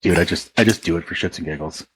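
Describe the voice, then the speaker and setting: A man's voice: low voice, quick pace, fairly bright tone, slightly rough. An American man, a podcast guest, telling rambling, profane stories and quoting friends along the way. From United States. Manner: rambling, profane, retells dialogue with quoted voices. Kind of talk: casual storytelling.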